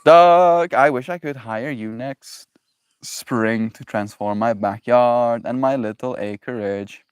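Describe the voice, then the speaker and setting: A man's voice: mid-range voice, steady tone, slow pace, clean tone, no room sound. A man hosting a daily livestream, chatting loosely with viewers and calling them bro. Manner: rambling, loose, talks to chat, says bro. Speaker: livestream host. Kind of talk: casual livestream chat.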